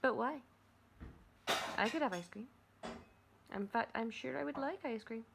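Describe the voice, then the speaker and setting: A woman's voice: a little high, a little slow, creaky, heavy background noise. A woman voicing her female pet dog, plaintive and wheedling as it begs for ice cream.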